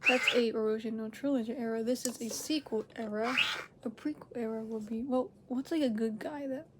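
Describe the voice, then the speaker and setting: A woman hosting a reaction video, chatting casually at home. She rambles, corrects herself and laughs often, swinging between loud excited bursts and quiet near-whispers. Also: fairly high pitch, brisk, heavy background noise. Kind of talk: casual chat to camera.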